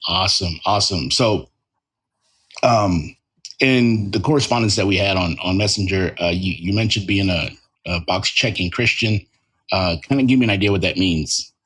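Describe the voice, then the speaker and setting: A man's voice: low voice, moderate pace, a bit bright, husky. A man hosting a faith podcast, interviewing a guest in a laid-back, casual way. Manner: laid-back, many fillers and restarts. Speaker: podcast host.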